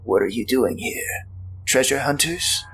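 A man voicing a battered, frail apprentice to a wizard who speaks in quiet, terse lines. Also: mid-range voice, animated, a little slow, gravelly, slightly rough, heavily acted, low-quality recording. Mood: wary.

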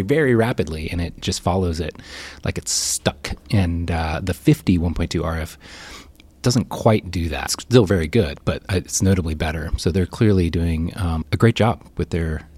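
A man's voice: low voice, a little mellow. A man co-hosting a podcast in casual chat, thinking aloud with fillers into a close mic. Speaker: podcast co-host.

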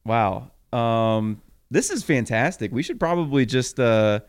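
Podcast co-host, male, smooth clear voice, dry close sound, quick to laugh and tease. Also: medium pitch, expressive, no room sound. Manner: joking, laughs often, teasing. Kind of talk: casual sports podcast chat.

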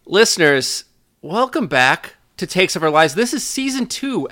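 Bright, playful podcast host, man. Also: high-pitched, sing-song, normal speed, no echo, studio quality. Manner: articulate, playful, self-aware. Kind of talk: casual podcast chat.

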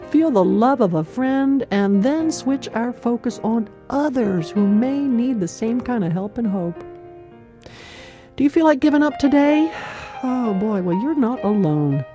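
Mellow-voiced woman giving a devotional radio talk. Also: fairly high pitch. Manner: warm conversational storytelling with laughs. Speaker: radio program host.

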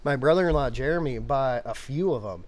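A man co-hosting a casual brewing podcast, talking in an animated, rambling way full of restarts. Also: mid-range voice, fairly quick. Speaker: podcast co-host, brewer. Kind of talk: casual chat.

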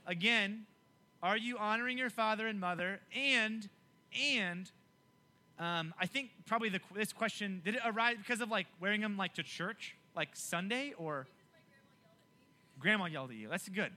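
A young man preaching a youth sermon, animated and emphatic, often repeating himself to keep listeners engaged. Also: high-pitched. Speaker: youth pastor.

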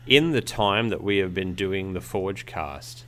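A man co-hosting a craft podcast in relaxed, casual chat, joking dryly and laughing often. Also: low-pitched, unhurried. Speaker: podcast co-host.

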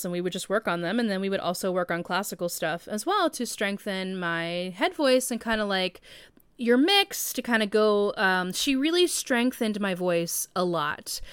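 Chatty woman in her thirties, smooth voice. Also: mid-range voice, a bit bright, no echo. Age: 30s. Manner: chatty, rambling, many "like" and "um" fillers. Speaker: podcast host. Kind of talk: casual podcast monologue.

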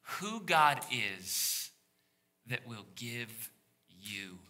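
A man's voice: medium pitch, very animated, drawn-out words, pushed and bright. A man preaching a sermon to his congregation, drawing them in with call-and-response questions and playful teasing asides. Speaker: pastor. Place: church service before a congregation.

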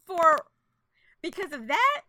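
A woman's voice: very high-pitched, sing-song, takes it slowly, bright, forceful tone, no room sound, studio quality. A woman co-hosting a casual chat, emphatic and laughing often. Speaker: podcast co-host.

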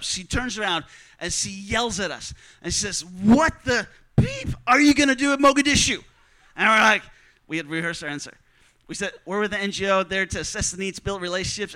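A man telling a personal travel story in an animated, joking way, acting out the lines of the people he met. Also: sits high. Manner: animated, joking, acts out dialogue.

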